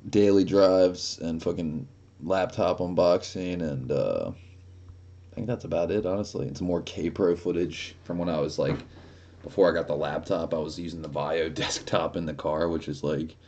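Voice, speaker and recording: A man's voice: deep voice, mellow, dull audio. A young man streaming, chatting casually and rambling with lots of swearing and laughter. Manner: rambling, profane, laughs often. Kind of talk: casual live-stream chat.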